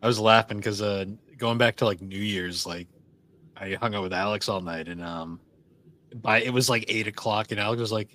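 Low-voiced male co-host, loose rambling podcast banter. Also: moderate pace, fairly bright tone. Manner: rambling, filler-heavy, laughs often. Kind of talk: casual chat.

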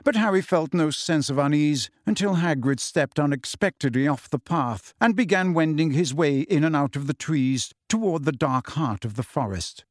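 Male audiobook narrator, steady scripted reading, fairly high pitch. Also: normal speed, few pauses, no room sound. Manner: steady storytelling. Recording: dry close studio sound.

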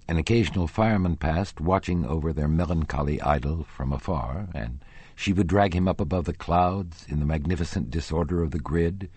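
A man with a very low, husky voice narrates a classic novel in a measured, expressive way. His pitch moves widely through each sentence, and the recording is close and dry, with no room sound. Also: dry recording. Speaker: audiobook narrator.

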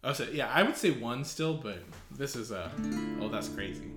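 A man's voice: mid-range voice, lively intonation, normal speed. A man co-hosting a podcast in casual chat, joking playfully and swearing. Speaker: podcast co-host. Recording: roomy sound with guitar playing.

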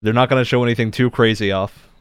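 A man's voice: medium pitch, fairly even intonation, fast, clear, resonant tone, no echo, studio quality. A man hosting a podcast, ranking things on a tier list with theatrical, mock-grand announcements. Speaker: podcast host.

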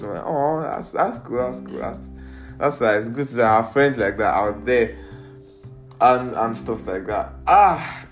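A young man with a Nigerian accent hosting a casual solo podcast, playful and rambling, mixing in pidgin slang, recorded on an iPad. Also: medium pitch. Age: young adult. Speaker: podcast host.

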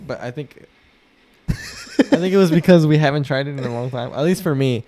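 A man's voice: fairly high pitch, normal speed, a little mellow. A young man in casual chat as a podcast co-host, loose and joking, swearing a lot and laughing often.

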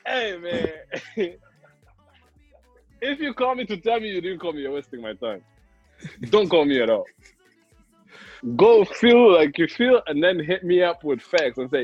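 A man's voice: a little high, big pitch swings, slow, long pauses, slightly rough, no echo, lo-fi sound, faint music behind. A man in casual podcast chat, laid-back, laughing often and talking with lots of fillers.

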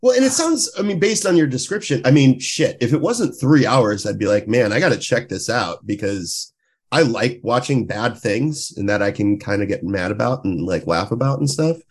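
A man co-hosting a casual podcast, talking in an animated way and reacting with incredulous swearing. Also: medium pitch, normal speed, slightly rough. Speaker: podcast co-host.

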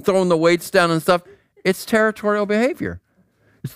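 A man's voice: high voice, a little fast, smooth, dry recording. A man preaching a casual, conversational sermon, asking rhetorical questions and acting out voices. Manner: animated, acts out voices, asks rhetorical questions. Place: outdoor square.

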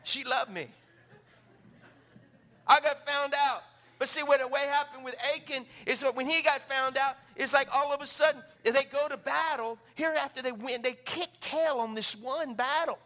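A middle-aged male pastor preaching a sermon, telling stories in an animated way and acting out the voices. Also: very high-pitched, normal speed. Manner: animated storytelling, acts out voices.

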